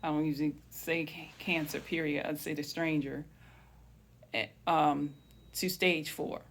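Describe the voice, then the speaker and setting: A woman hosting a wellness channel, telling a personal story in a slow, reflective way, often calling her viewers family and trailing off into hushed pauses. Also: sits low, fairly even intonation.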